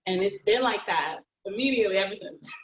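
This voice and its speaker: A woman painter telling her own story in an interview, heartfelt and expressive and quick to laugh. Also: medium pitch, muffled recording, slight background noise. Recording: roomy echo.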